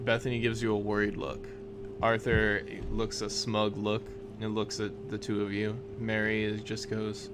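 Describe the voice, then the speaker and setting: A man narrating a tabletop game as game master, in quick, offhand narration. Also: fairly low pitch, monotone, noisy background.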